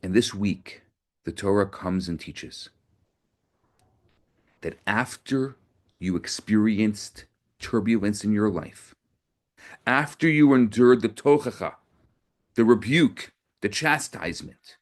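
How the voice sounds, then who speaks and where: A man's voice: fairly low pitch, expressive, slow pace, long pauses. A man, a rabbi, giving an earnest sermon in a storytelling manner, often repeating words as he builds to a point.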